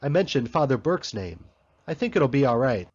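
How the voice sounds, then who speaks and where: A man voicing a weary, easygoing male canvasser in a storybook reading, husky and slightly muffled. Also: mid-range voice, sing-song, normal speed, darkish tone.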